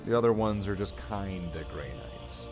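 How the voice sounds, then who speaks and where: A man's voice: fairly low pitch, lively intonation, normal speed, music in the background. A man chatting casually while painting miniatures on a hobby stream, rambling and joking as he thinks aloud.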